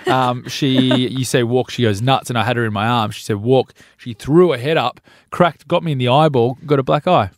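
A man's voice: medium pitch, steady tone, moderate pace, dry recording, studio quality. An Australian man co-hosting a breakfast radio show, joking and laughing through the banter. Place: radio studio. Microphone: studio microphone.

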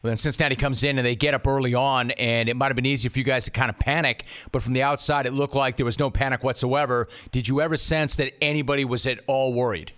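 Ranting middle-aged sports radio host. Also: male voice, medium pitch, steady tone, quick pace, few pauses. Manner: loud, ranting, storytelling with acted quotes. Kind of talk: animated sports radio monologue and interview.

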